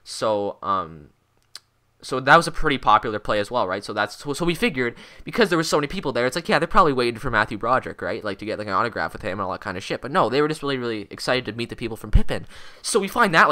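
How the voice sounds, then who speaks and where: A teenage boy in his mid-teens telling a rambling, excitable story in a casual vlog, swearing constantly and filling gaps with "like" and "um". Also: medium pitch, fast talker. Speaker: vlogger.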